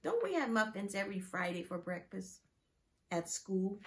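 A woman teacher reading a picture book aloud to preschoolers, asking them questions in an exaggerated, animated way. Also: mid-range voice, normal speed.

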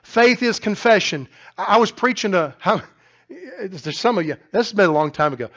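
Middle-aged male pastor, loud emphatic sermon, slightly high voice, muffled lo-fi church recording. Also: lively intonation, moderate pace. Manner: loud, emphatic preaching with frequent restarts. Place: church sanctuary.

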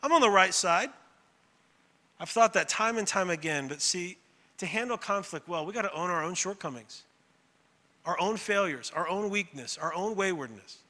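A man in his thirties delivers a sermon with a high, sharply bright voice. He drives his points home in emphatic, repeated phrases, and his words ring out with the long reverb of a church hall. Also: animated, normal speed. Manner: builds to emphatic, repetitive rising phrases. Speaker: pastor.

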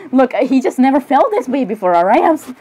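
Woman with a high voice for improvised solo comedy, fumbly and apologetic. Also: very animated, normal speed, mellow, husky, rough recording. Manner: hesitant, apologetic and giggly, with many restarts. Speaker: solo skit performer voicing many characters. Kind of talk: improvised comedic character skit.

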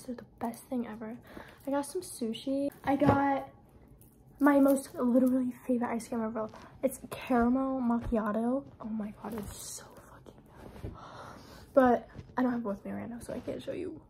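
A young woman chatting casually in a vlog, full of fillers and swearing, slipping into whispers then growing loud and excited. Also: on the high side, a little hiss or hum, low-quality recording. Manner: heavy filler and frequent swearing. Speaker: vlogger. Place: at home and outdoors.

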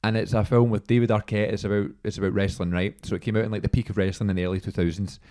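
A young man hosting a casual podcast. He talks quickly and rambles through his stories, full of "like"s. His voice sits low. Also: flat delivery, a little mellow. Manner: chatty, rambling anecdotes with many "like"s. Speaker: podcast host. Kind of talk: casual chat.

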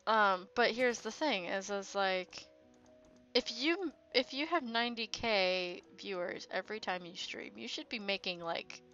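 A woman's voice: medium pitch, unhurried, bright, forceful tone, highs cut off, faint music behind. A woman guest in casual chat, teasing and rambling with fillers. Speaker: co-streamer guest.

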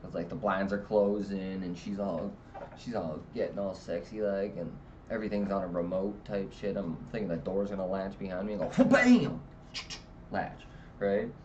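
A man telling a true comedy story in a rambling, profane way, acting out quotes with sudden loud jumps in pitch. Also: fairly even intonation, moderate pace. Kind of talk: casual storytelling monologue. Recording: distant mic, dull lo-fi sound, faint hiss.

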